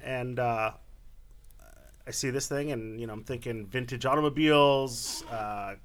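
A man casually telling a story on a podcast, relaxed and rambling. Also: mid-range voice, unhurried. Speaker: business partner, guest.

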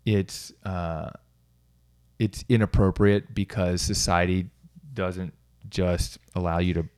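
A man with a fairly low voice talks loosely and off the cuff, circling back on his sentences. He drops in quick laughs at his own stories and keeps an easygoing coaching tone. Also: level tone, a little mellow. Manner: rambling, self-interrupting, laughs at himself. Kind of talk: casual solo talk.

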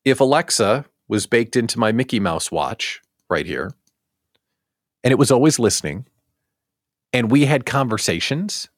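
A male livestream host talks in an animated, joking way, with his pitch swinging widely. He keeps asking his audience rhetorical questions, and the dry recording puts him right up close. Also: normal speed, long pauses, no echo. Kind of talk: livestream talk show.

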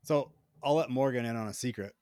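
A man's voice: mid-range voice, a little fast, darkish tone, no room sound, clean studio sound. A man hosting a casual gaming podcast, rambling and swearing with wry humor. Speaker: podcast host.

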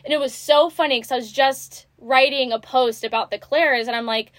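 High-voiced chatty young woman. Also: steady tone, moderate pace, hardly any pauses, fairly bright tone, dry recording. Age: 20s. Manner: chatty, full of "like" and "you know". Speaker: podcast host. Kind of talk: casual chat.

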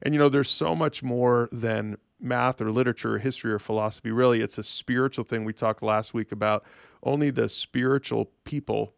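A man's voice: medium pitch, fairly even intonation, brisk, creaky, dry recording, studio quality. A man hosting a faith podcast, speaking earnestly and directly to his listeners. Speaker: podcast host.

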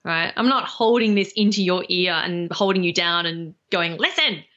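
A woman's voice: on the low side, fairly even intonation, fairly bright tone. A woman speaking trainer, a guest on a podcast, talking confidently and emphatically in a casual interview. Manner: confident, emphatic, quick to laugh. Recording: dull, lo-fi sound.

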